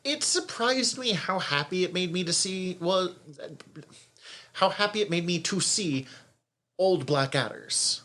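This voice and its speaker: A fairly high-voiced man chatting casually as a podcast co-host. He is animated, exclaims loudly and swears freely as he talks. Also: measured pace. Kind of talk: casual chat.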